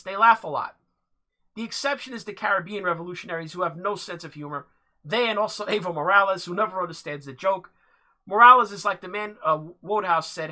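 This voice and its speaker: Bright-voiced livestream political commentator. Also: mid-range voice. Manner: halting, with many fillers and restarts. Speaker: political commentary channel host. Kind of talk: livestream political commentary, reading an article aloud.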